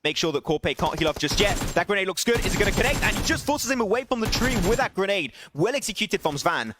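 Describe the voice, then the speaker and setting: A young man casting an online shooter match alone, excitable, his voice jumping up on big plays and laughing at himself between calls. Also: high voice, fast talker, very noisy. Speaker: esports caster streaming solo. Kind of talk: live game commentary with chat asides.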